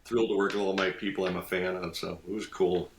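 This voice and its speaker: Older guy telling stories on a podcast, animated, laughs a lot, kind of echoey room. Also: low voice, quick pace, over a noisy crowd. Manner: animated, acts out quoted voices, laughs often. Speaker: guest designer. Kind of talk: casual podcast storytelling.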